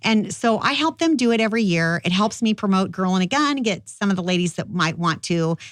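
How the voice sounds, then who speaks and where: Female guest, mid pitch, dry close sound, animated conversational storyteller. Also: a little fast, dry recording. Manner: animated storyteller, lively when excited. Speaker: firearms instructor and guest. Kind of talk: casual interview chat.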